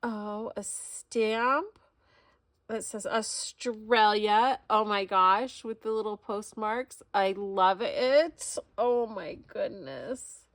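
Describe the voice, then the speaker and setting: A woman's voice: medium pitch, extremely slow, no echo. A woman unboxing gifts at home in a casual vlog, effusive and full of exclamations. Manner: gushing, effusive, many exclamations. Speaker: crafting vlogger. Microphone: camera recording.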